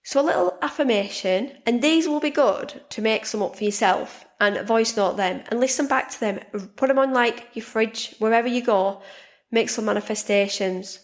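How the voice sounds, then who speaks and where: A woman hosting a podcast, talking casually and warmly about her own life, often repeating words and restarting sentences. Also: a little high, normal speed. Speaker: podcast host and life coach. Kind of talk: casual monologue.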